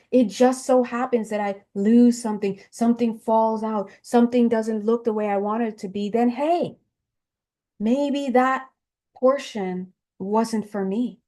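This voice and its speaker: A woman giving a casual spiritual talk, chatty and laughing, often jumping into high excited exclaims. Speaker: spiritual reader.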